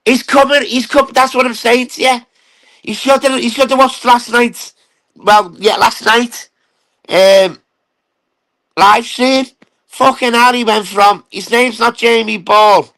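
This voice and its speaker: A man with a fairly high, bright voice rants unscripted on a live stream, calling out and mocking someone who is not there. His comes through as he swears, repeats himself and takes his time. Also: rough recording. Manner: taunting, profane and rambling. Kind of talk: ranting casual live stream.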